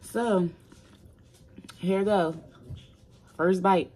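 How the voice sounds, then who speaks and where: A woman hosting a casual mukbang food challenge vlog, a little hoarse from a cold, chatting straight to her viewers. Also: medium pitch, steady tone, extremely slow, a little mellow. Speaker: mukbang vlogger.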